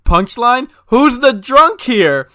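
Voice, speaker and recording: A man voicing a gruff, exasperated small-town barkeep in a put-on Irish accent, loud and incredulous. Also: very high voice, sing-song, slow pace, no echo, studio quality, pitched above the performer's own voice, exaggerated voice.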